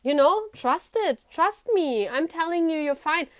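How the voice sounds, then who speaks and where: A woman voicing a gentle, wise inner child that coaxes its owner, speaking in a soothing, encouraging way. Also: extremely high pitch, expressive, measured pace, no echo, pitched above the performer's own voice. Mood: coaxing. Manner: soothing and coaxing.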